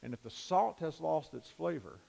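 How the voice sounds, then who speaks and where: A man's voice: fairly high pitch, sing-song, moderate pace, creaky, warm tone. A man pastor preaching a sermon and praying, emphatic and repetitive, in a church sanctuary. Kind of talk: sermon and prayer. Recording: long church hall reverb.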